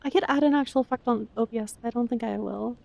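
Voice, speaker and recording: A woman streamer chatting casually with her viewers, soft-spoken and emotional, with frequent swearing. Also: on the high side, fast talker, creaky. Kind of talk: casual live-stream chat.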